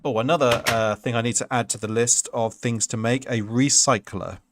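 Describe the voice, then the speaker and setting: A man's voice: medium pitch, fairly even intonation, moderate pace. A man in his thirties streaming a block-building game, chatting casually and answering his chat with jokey asides. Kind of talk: casual Minecraft livestream chat. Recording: loud background noise.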